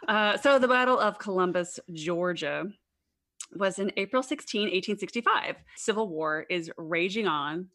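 A chatty woman hosting a podcast, telling a history story in a relaxed, conversational way. Her voice sits at an ordinary middle pitch, and she drops in playful jokes and asides as she goes. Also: normal speed, hardly any pauses. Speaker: podcast co-host.

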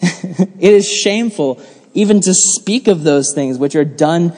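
A man's voice: on the high side, a little slow, dark tone, in a large hall. A young man giving a casual youth sermon, jokey and chatty, full of "like" and laughs. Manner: chatty, jokey, lots of "like", laughs while telling stories. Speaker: youth pastor.

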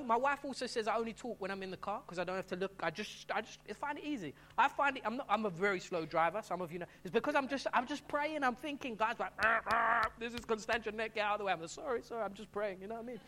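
A man's voice: extremely high pitch, a bit bright, a little hiss or hum. A middle-aged man preaching a sermon as pastor, talking in a conversational way and often restarting his phrases.

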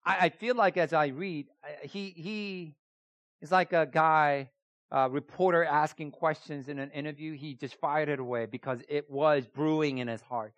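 A man's voice: on the high side, fairly even intonation, moderate pace, no echo. A man preaching a sermon, emphatic and repeating key phrases, often putting rhetorical questions to his listeners. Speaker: pastor.

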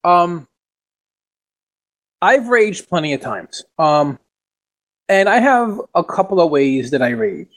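A man chatting casually on a podcast, his voice sitting slightly high for a man. He chuckles through his stories and slips into mock outbursts. His tone stays easygoing. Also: big pitch swings, takes it slowly, long pauses, fairly bright tone. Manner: laid-back, chuckling, acts out his own angry outbursts. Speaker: podcast co-host.

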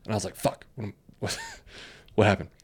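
A man with a fairly low voice spins a casual, profanity-laced story for his podcast co-host. He slips into the voices of the people in his tale as he goes. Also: quick pace, husky. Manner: profane, animated anecdote teller acting out quotes.

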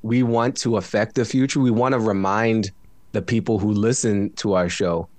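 A man's voice: fairly low pitch, steady tone, normal speed, darkish tone, dry recording. A tired man, a podcast guest, talking casually from home with reflective asides and frequent laughs. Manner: reflective, jokey, laughs often. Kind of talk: casual conversation. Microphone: studio microphone.

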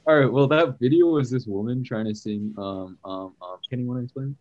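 A man's voice: mid-range voice, a little fast, a little mellow, dull audio, a little hiss or hum. A teenage boy co-hosting a casual chat, telling rambling stories full of fillers. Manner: rambling storyteller, many fillers. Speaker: podcast co-host.

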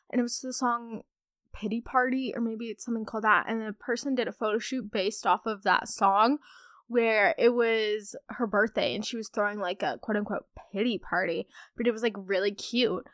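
A woman's voice: a little high, normal speed, fairly bright tone, no room sound, studio quality. A young woman from the United States hosting a podcast in casual chat, bubbly and chatty with lots of filler. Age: young adult. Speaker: podcast host.

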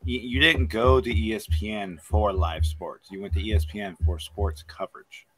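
A man from Kentucky with a lowish, fairly bright, breathy voice speaks at a moderate pace with fairly even intonation. Co-hosting a podcast, he argues about sports coverage in casual chat, opinionated and emphatic, with lots of "like" fillers.

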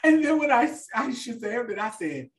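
A woman's voice: on the high side, big pitch swings, moderate pace, recorded from a distance. A woman co-hosting a podcast in casual chat, talking loosely with fillers and trailing off. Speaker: podcast co-host.

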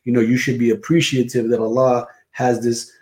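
A man from New Jersey, a guest imam, chatting casually on a podcast and telling animated stories, often asking "you know what I mean". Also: medium pitch, normal speed.

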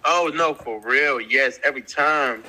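A man's voice: mid-range voice, unhurried, pushed and bright, low-quality recording. A man in casual podcast banter, easygoing and self-deprecating. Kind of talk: casual banter among friends. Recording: clear background noise.

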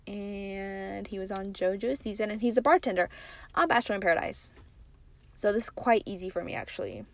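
A young woman hosting a casual solo podcast, chatty and rambling with lots of fillers, her voice a little worn. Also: medium pitch. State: losing her voice. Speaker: podcast host.

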